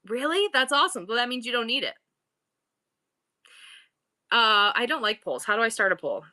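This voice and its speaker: A woman's voice: a little high, animated, normal speed, bright, forceful tone. A middle-aged woman hosting a live-selling stream, bubbly and playful in an exaggerated customer-service voice, rambling between topics. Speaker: online live-selling host. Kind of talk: casual livestream chat.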